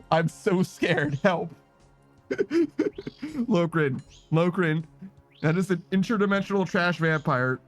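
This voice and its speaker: Higher-voiced man rambling to stream chat. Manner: rambling, swears often, laughs a lot, reads chat aloud. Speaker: game streamer. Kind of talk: casual livestream chat.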